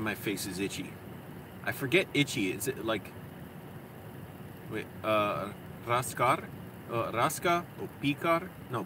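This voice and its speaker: A man vlogging into his phone in a parked car, rambling and venting with plenty of swearing. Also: mid-range voice. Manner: profane, rambling, quick to vent. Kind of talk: rambling casual monologue. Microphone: phone camera. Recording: noisy air conditioning hum.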